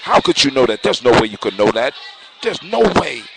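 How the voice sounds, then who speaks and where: A man voicing a spoiled, dismissive young princess in a spoken story, scornful and quick to outrage. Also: on the low side, natural voice. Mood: indignant. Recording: noisy recording with clicks.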